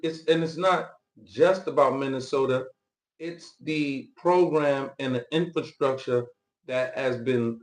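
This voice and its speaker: A man hosting political commentary, reacting to news clips in loose, slangy casual talk. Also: mid-range voice.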